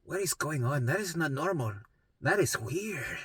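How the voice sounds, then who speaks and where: A man's voice: fairly high pitch, animated, moderate pace, fairly bright tone, husky, no room sound, clean studio sound, pitched above the performer's own voice, exaggerated voice. A man voicing his worried mother, who keeps repeating alarmed remarks about his symptoms. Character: worried mother fretting over her son.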